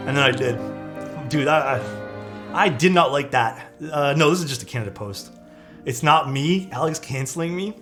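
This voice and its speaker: A man's voice: a little high, moderate pace, soft background music. Profane, chatty male streamer telling stories. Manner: loose, profane, animated storytelling with frequent laughs. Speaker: streamer building keyboards. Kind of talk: casual livestream chat and storytelling.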